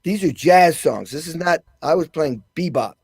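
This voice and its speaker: Animated male drummer telling stories. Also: a little high, normal speed, creaky, husky, no echo, clean studio sound. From United States. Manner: animated storyteller, acts out quotes in raised voices. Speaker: guest drummer. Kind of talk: casual interview storytelling.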